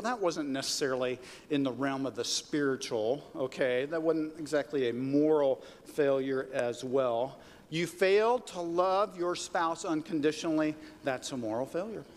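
A man's voice: fairly high pitch, a little mellow. Conversational male pastor in a reverberant hall. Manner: conversational, with frequent rhetorical "right?" and "okay?". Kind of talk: sermon.

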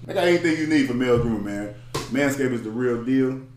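A man hosting a podcast, telling stories in animated, slangy casual chat and reading an ad in the same loose way. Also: medium pitch, fast talker, roomy sound, slight background noise. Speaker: podcast host.

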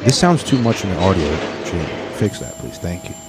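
A man's voice: low-pitched, big pitch swings, a little fast, over music. A man hosting a casual reaction show, rambling and profane, often restarting his sentences. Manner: rambling, profane, self-correcting. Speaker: host reacting to video clips.

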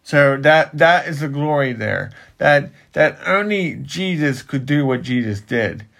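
A slow, unhurried man with a gravelly, creaky voice, teaching scripture in casual conversation. He stops and restarts his sentences often, circling toward what he wants to say. He talks things through at an easy pace. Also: a little high, lively intonation, fairly bright tone. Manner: halting, repeats himself while building to a point. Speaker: Bible teacher and podcast co-host. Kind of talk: casual Bible teaching chat.

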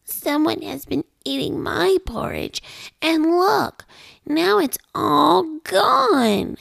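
Woman doing a squeaky little baby bear. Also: expressive, slow, vocal fry, a bit bright, dry recording, exaggerated voice. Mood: upset. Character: small excited baby bear cub.

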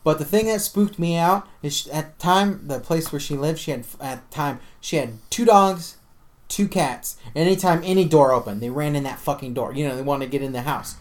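Animated, profane storytelling man. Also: fairly high pitch, brisk. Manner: animated, profane storyteller who acts out quotes. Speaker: podcast co-host. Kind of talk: casual chat, storytelling.

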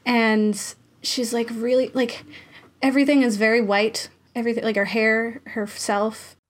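A woman's voice: on the high side, little pitch movement, unhurried. A woman hosting a podcast in a chatty, casual manner, laughing often and using many fillers. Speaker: podcast host. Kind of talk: casual chat.

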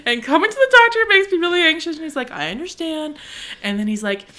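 Bubbly high-voiced young woman storyteller. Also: quick pace. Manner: animated storytelling, acts out others' lines, laughs often. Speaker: podcast co-host. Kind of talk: casual chat.

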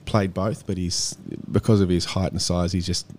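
A man's voice: low voice, level tone, moderate pace, darkish tone, slight background noise. An Australian man in his fifties, a guest musician, rambling through anecdotes and chuckling often in casual radio chat. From Canberra, Australia.

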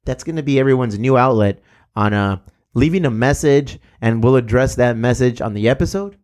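A man in his thirties from the San Diego area hosting a casual podcast. He talks loosely and swears freely, laughs a lot and slips Spanish phrases in between English lines. His voice sits at an ordinary pitch. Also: brisk, darkish tone. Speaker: podcast co-host.

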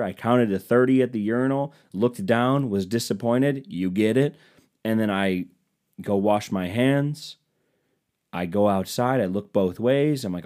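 A young man hosts his own podcast in a loose, comic storytelling monologue. His voice sits somewhat low for a man. He swears freely and pokes fun at himself. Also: unhurried, darkish tone. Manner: casual, profane, self-deprecating. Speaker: podcast host.

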